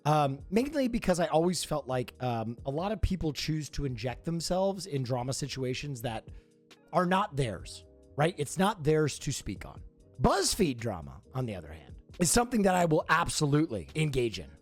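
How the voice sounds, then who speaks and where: A man's voice: fairly high pitch, sing-song, normal speed, faint music behind. A man streamer giving a profane, emphatic commentary rant in a conversational way.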